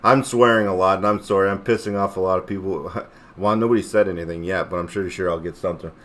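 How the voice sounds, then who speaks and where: A man hosting a livestream in a loose, rambling rant, full of jokes and swearing. His voice sits a little low. He talks straight to his chat. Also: fairly even intonation, quick pace, fairly bright tone. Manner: rambling, swears a lot, jokey. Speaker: livestream host.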